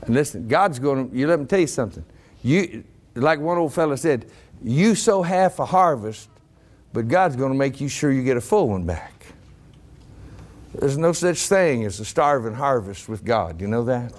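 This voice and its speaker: A man preaching a sermon to a congregation, rising to shouted emphasis. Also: mid-range voice, animated, moderate pace. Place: church congregation.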